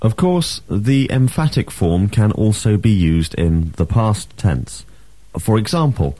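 A man teaching a language lesson, reading drills and asking questions with clear, emphatic delivery. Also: lowish voice, expressive, slow pace, warm tone, no room sound.

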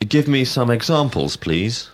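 A man giving a scripted grammar lesson, speaking in a measured, precise way and prompting answers. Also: medium pitch, big pitch swings. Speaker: language teacher.

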